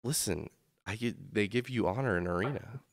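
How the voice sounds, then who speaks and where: A man's voice: on the low side, moderate pace, gravelly, husky. A man hosting a gaming podcast, talking in a loose, rambling way with lots of fillers and restarts, and swearing casually. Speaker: podcast host.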